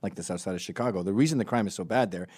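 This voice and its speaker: A middle-aged male commentary show host delivers a comedic opinion monologue, sardonic and profane, often mocking people in put-on voices. His voice is low-pitched, very fast, and a little mellow with a breathy edge. The recording is dry, with clean studio sound.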